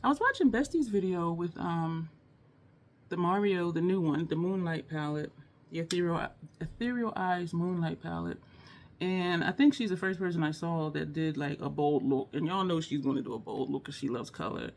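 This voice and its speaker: A woman's voice: on the low side, normal speed. A woman filming a casual makeup tutorial at home, chatting to viewers with frequent laughs and teary eyes. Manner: chatty, laughs often, addresses viewers as y'all. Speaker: beauty vlogger.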